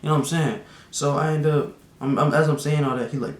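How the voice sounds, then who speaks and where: A young man telling a casual storytime vlog, slangy and animated, with lots of fillers. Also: fast. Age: young adult. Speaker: vlogger. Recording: echoey room with faint rumble.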